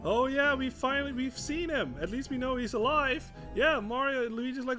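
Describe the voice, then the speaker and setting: A man talks through a video game in a casual stream, laughing often and cursing freely. His voice sits high and bright. Faint game music plays underneath. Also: normal speed, few pauses. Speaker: gaming streamer. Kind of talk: gameplay commentary.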